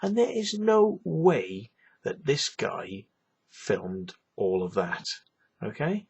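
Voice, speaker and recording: A man's voice: medium pitch, huge pitch swings, takes it slowly, darkish tone, breathy edge, lo-fi sound. A man ranting on his vlog, profane, sarcastic and rambling. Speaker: vlogger. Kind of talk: ranting monologue.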